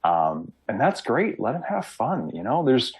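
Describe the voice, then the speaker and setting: A man talking as a guest on a casual podcast, telling lively stories and acting out quotes. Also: mid-range voice, a little slow, low-quality recording. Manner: animated storyteller, acts out quotes. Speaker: guest game designer.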